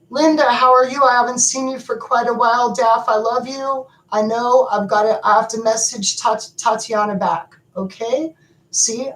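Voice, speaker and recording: A middle-aged woman hosting a live stream, talking to viewers in an animated, emotional and rambling way, often laughing. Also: fairly high pitch. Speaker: livestream host. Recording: echoey room with faint background noise.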